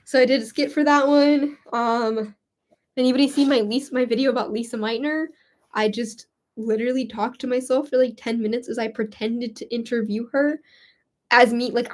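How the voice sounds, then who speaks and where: A woman's voice: on the high side, fairly even intonation, normal speed. A young woman chatting casually while she quilts, giggling and rambling as she pokes fun at herself. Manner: giggly, rambling, self-mocking. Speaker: crafting YouTuber.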